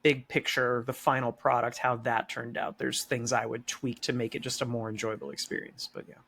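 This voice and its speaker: A man's voice: mid-range voice, little pitch movement, a little fast, creaky, fairly bright tone, husky. Male podcast co-host, casual and chatty, a joker who hedges. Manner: chatty, hedging, joking. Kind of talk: casual chat.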